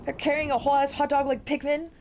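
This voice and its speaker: Excitable, incredulous woman streamer. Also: high-pitched, quick pace, a little hiss or hum. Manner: excitable, incredulous, swears casually. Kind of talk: live-stream reading and chat.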